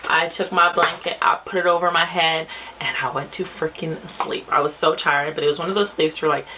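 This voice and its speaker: A young woman vlogger telling a story casually, chatty and animated. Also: a little fast, a little hiss or hum, low-quality recording. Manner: chatty, animated, acts out quotes in a high voice. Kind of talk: casual storytime while doing makeup.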